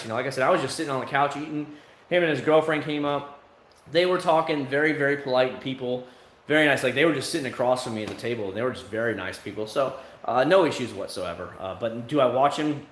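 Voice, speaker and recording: A man's voice: mid-range voice, a bit bright, roomy sound, slight background noise. A man hosting a livestream, chatting casually with viewers in a candid, rambling way full of fillers, outside his home. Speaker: livestream host. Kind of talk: casual chat answering viewers.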